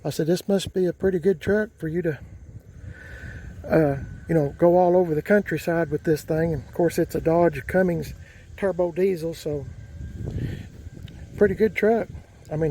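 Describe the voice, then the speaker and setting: A man with a drawl rambles through a story in a folksy way, full of fillers and restarts. His voice sits a bit high for a man. Faint outdoor ambience runs behind him. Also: moderate pace, long pauses, mellow, slight background noise, rough recording. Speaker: vlogger. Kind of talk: casual storytelling.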